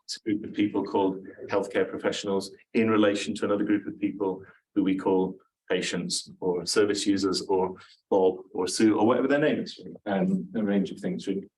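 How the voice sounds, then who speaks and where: Low-voiced male lecturer, a bit off-mic. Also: fairly even intonation, a little fast, darkish tone, far from the mic, poor audio. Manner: informal, self-deprecating, with many fillers and restarts. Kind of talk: academic talk to an audience.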